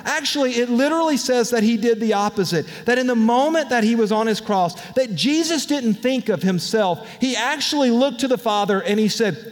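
A man preaching a sermon as pastor, in a candid, conversational way with lively asides. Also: very high-pitched, brisk, hardly any pauses. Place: church auditorium. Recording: long reverb of a large hall.

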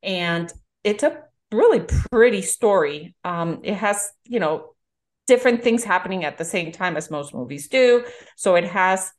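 A middle-aged woman co-hosting a casual movie-review chat, an animated storyteller who acts out the quotes. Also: mid-range voice, unhurried. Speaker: podcast co-host.

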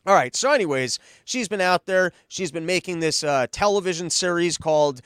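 A man's voice: sits high, animated, moderate pace, fairly bright tone, smooth, no room sound. A man hosting a podcast, giving rambling, mocking political commentary full of sarcastic asides. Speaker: podcast host.

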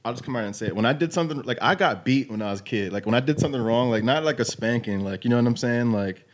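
A man's voice: medium pitch, expressive, racing. Chatty man in his late twenties. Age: 20s. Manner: loose storytelling, full of "like" and "you know what I'm saying". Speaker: podcast host. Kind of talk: casual chat.

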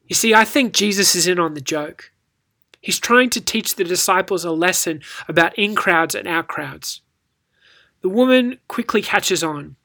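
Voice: medium pitch, expressive, moderate pace, gravelly, bright, forceful tone. A speaker gives a scripted Bible devotional, telling the story with rhetorical questions and reading scripture with acted inflection. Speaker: Bible teacher.

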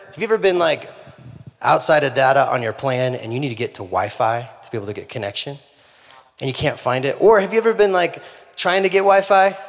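A man preaching a sermon, telling a humorous story in an animated way. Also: mid-range voice. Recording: long hall reverb.

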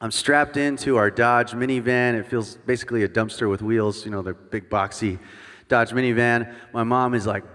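A man's voice: mid-range voice, steady tone, moderate pace, a bit bright. A man in his thirties, a guest worship pastor, preaches a sermon with humorous, self-deprecating storytelling and jokey asides to the congregation. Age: 30s. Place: church sanctuary before a congregation. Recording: long reverb of a large hall.

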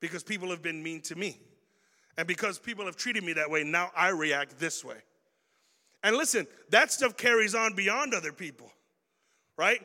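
A man with a high, bright voice delivers a sermon to young people. He is animated and acts out everyday scenes as he talks. His voice rings through a long-reverb hall. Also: moderate pace. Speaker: preacher.

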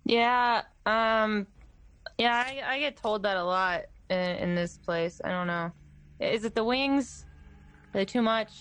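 A woman's voice: medium pitch, takes it slowly, a bit bright, smooth. A woman playing a tabletop game, talking in character in a hesitant, rambling way. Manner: hesitant, rambling, with many fillers and restarts. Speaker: player.

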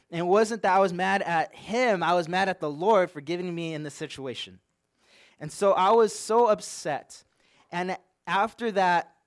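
A young male pastor with a slightly high voice tells a story from the pulpit. He speaks earnestly and with animation, often filling his sentences with "like". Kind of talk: sermon storytelling.

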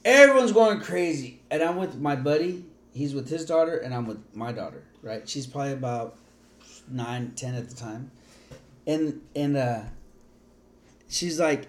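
Middle-aged guy chatting on a podcast, super expressive pitch, echoey room. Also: normal speed. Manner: animated storyteller, swears, repeats himself. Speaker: podcast co-host. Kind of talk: casual chat. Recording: echoey room with faint noise.

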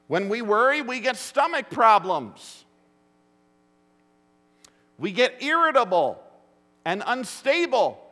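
A man's voice: extremely high pitch, very animated, slow pace, long pauses, bright, forceful tone. A man preaching a sermon to his congregation. He tells stories and keeps asking the room rhetorical questions. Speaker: pastor. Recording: long hall reverb.

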